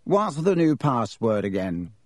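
A man voicing an arrogant, sneering schoolboy with a slow drawl in a storybook reading. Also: medium pitch, very animated, a little mellow, no echo, clean studio sound.

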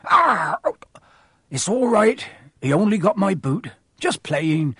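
A big, soft-hearted gamekeeper puffs and sobs his words, as a male storybook reader puts him on. The voice rides up above the reader's own and comes through close and dry. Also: sits high, big pitch swings, slow, no echo, voice pushed up, heavily acted. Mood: fond, puffing. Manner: puffing, emotional, hoarse-toned.

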